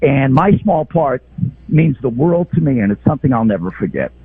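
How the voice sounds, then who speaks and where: Man calling into radio, gravelly and husky, heartfelt reminiscing, tinny phone line. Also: mid-range voice, sing-song, normal speed, dry recording. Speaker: caller, radio host. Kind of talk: call-in radio chat. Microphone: telephone.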